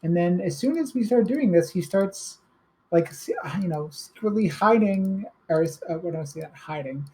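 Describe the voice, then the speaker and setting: Low, mellow woman player. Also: animated, normal speed, poor audio. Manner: rambling recap with fillers. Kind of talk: tabletop game play.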